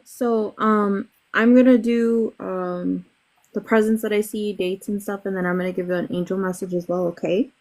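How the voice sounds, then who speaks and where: A woman psychic reader in a live online session, at a middle pitch. She moves briskly through dates and names, stopping often to ask the sitter whether they make sense, with ums between her points. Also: fairly even intonation, darkish tone, rough recording.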